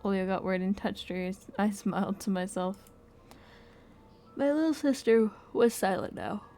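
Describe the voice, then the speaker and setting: A woman reading a game's story text aloud in an expressive, soft-spoken way. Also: medium pitch, moderate pace. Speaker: game playthrough narrator.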